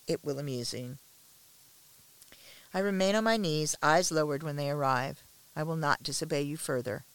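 Woman narrating a tense first-person story. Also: deep voice.

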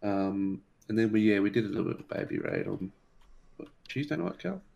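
A man co-hosting a podcast, low-key and hesitant, giving short answers. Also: expressive, a little fast, creaky, darkish tone, dull audio. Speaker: podcast co-host. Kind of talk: casual podcast chat.

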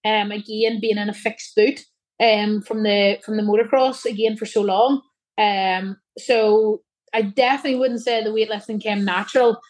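A woman's voice: medium pitch, fairly even intonation, normal speed, a little mellow. A young woman from Ireland, a guest athlete chatting casually, laughing often and rambling with lots of fillers. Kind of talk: casual chat.

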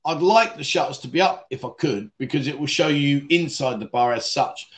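Chatty livestream host with a raised voice. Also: male voice, fairly high pitch, moderate pace. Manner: rambling, chatty, laughs often, calls viewers mate. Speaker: livestream host reading viewer comments. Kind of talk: casual livestream chat. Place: Pattaya, Thailand.

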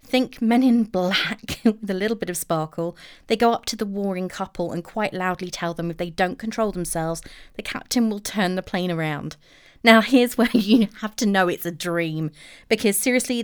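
A woman's voice: mid-range voice, clear, resonant tone, no room sound, clean studio sound. A woman telling a story in a chatty, self-deprecating way, full of asides, as host of her own show. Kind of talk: casual solo storytelling.

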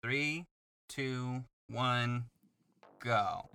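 A man's voice: mid-range voice, steady tone, very slow, bright, forceful tone, clear, resonant tone. A man hosting a game quiz, reading out numbers and questions. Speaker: quiz host.

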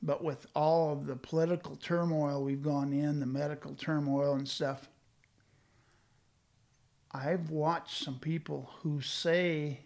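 A man's voice: fairly high pitch, flat delivery, slow, a little mellow. An older man speaking reflectively in a conversational discussion, with frequent fillers and restarts. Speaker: guest speaking on leadership.

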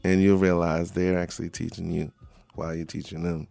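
A middle-aged man, a rapper guest, talking in a laid-back, halting way with many fillers in a casual interview. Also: low-pitched, little pitch movement, creaky, mellow, dry recording, soft background music.

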